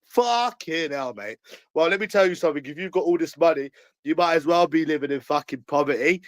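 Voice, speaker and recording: A man's voice: fairly high pitch, fairly quick, no room sound, poor audio. Ranting London man, dry close sound. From England. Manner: abusive, repetitive, jeering, bursts into shouts. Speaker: channel owner. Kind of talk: angry ranting monologue to camera.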